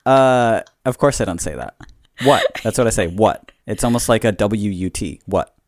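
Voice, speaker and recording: A man co-hosts a podcast in a relaxed, teasing chat. His voice sits low but moves a lot, and he laughs often. The sound is dry and close. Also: normal speed, no echo. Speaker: podcast co-host. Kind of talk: casual chat.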